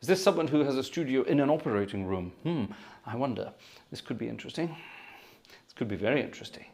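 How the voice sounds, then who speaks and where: A man's voice: medium pitch, animated, fast talker, creaky, a little mellow. Chatty man hosting an organ livestream. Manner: chatty, effusive, thanks viewers by name. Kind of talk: live-stream chat between organ tunes.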